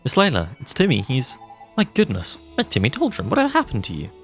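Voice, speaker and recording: A man's voice: mid-range voice, wildly swooping pitch, fast, faint music behind, voice pushed up. A man voicing a fussy, doting older woman shopkeeper in a game, sweet and cooing.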